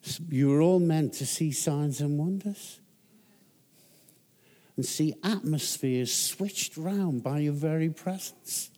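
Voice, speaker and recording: A man's voice: slow pace, mellow. A man preaching a sermon as a guest pastor, telling Bible stories emphatically. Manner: storytelling, emphatic, rises in pitch for emphasis.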